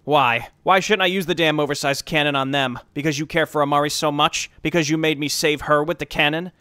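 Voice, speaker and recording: A man's voice: a little high, fairly even intonation, brisk, sharp tone, clean tone, no echo. A man reading game dialogue as a proud, grieving fantasy king, in a commanding, stern manner.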